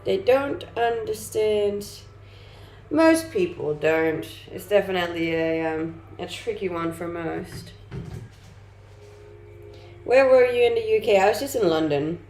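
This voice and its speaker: A woman's voice: mid-range voice, animated, unhurried, a little mellow. A young adult woman streaming live, chatting casually and reading comments aloud with easy laughs. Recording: roomy sound with faint music behind.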